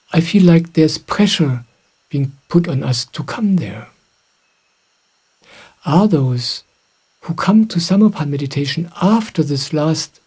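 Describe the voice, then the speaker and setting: A middle-aged man, a spiritual teacher, calmly answering questions in a gentle, reflective way. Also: on the high side, husky. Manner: gentle, reflective, soft-spoken. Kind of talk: calm satsang answering questions.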